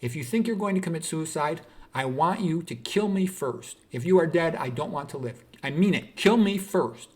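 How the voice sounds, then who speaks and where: A man's voice: medium pitch, moderate pace, close to an everyday voice. A man voicing his middle-aged mother, fussing and pleading in a raised voice. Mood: desperate.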